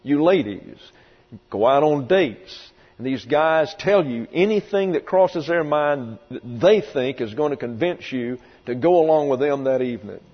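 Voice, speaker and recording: Unhurried and animated, a pastor with a slightly high voice works through an expository sermon with emphasis and vivid delivery, occasionally voicing the characters he quotes. The sound is dull and lo-fi, echoing in a hall over a mains hum.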